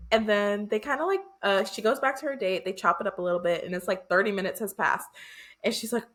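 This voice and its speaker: A woman co-hosting a book podcast, retelling chapters in a lively, casual way and laughing often. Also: mid-range voice, fairly quick. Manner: animated retelling with quoted voices and laughter. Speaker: podcast co-host.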